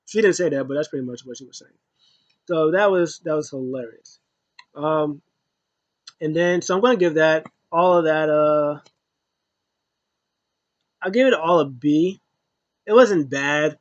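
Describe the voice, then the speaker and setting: A man's voice: moderate pace, long pauses, highs cut off. A man casually recapping a wrestling show, rambling with lots of fillers and restarts. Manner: rambling, many fillers and restarts, acts out quotes in a high voice.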